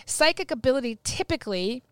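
A woman guest on a podcast, telling a personal story in a casual, animated way and acting out the dialogue. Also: sits high, fairly quick, clear, resonant tone, no room sound. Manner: animated, acts out quoted dialogue. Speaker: guest medium.

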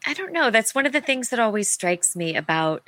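A woman's voice: fairly high pitch, sing-song, fairly quick, a bit bright. A woman from the United States telling a personal story in a casual group chat over a video call, with many fillers.

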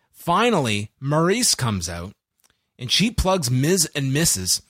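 A man's voice: a little high, fairly bright tone, dry recording, clean studio sound. A man co-hosting a wrestling podcast, recapping an episode in a sarcastic, casual way. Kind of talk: casual chat.

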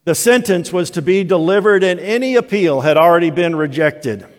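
An older man preaching a sermon as pastor, telling the story slowly and deliberately. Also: sits high, lively intonation. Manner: slow, deliberate storytelling delivery. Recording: long hall reverb of a church.

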